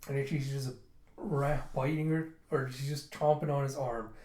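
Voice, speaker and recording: In a casual manga readthrough, a male reviewer retells a comic chapter at a normal speed, breaking into small voices for each character to keep it lively. His pitch is average, and the recording carries the echo of a large room.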